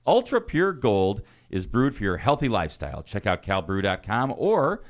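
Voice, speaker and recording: A man co-hosting a podcast, reading sponsor ads in a lively, casual way. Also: on the low side, moderate pace. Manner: lively, laughs between reads. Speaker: podcast co-host.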